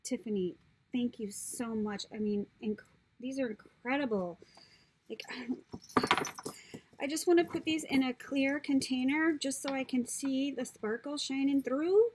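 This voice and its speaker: A woman's voice: high-pitched, measured pace, slight background noise, poor audio. A woman gushing over craft supplies she received in the mail, gasping and often dropping into a whisper as she talks. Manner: gushing, breathy gasps, drops into whispers. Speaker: crafter opening happy mail. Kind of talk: casual unboxing chat.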